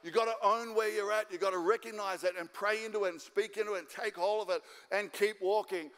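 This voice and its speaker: A man's voice: sits high, steady tone, brisk, fairly bright tone, smooth, in a large hall. An Australian man preaching a sermon as a guest pastor, fired up and driving home his points over and over. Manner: fired-up, repetitive exhortation. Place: church auditorium.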